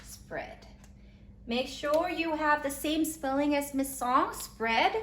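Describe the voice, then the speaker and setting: Slow, encouraging woman teaching spelling. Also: sits high, a bit bright, slight background noise. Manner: slow, clearly sounding out letters, encouraging praise. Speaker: third-grade teacher. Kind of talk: spelling lesson for children. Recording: echoey room with faint ambience.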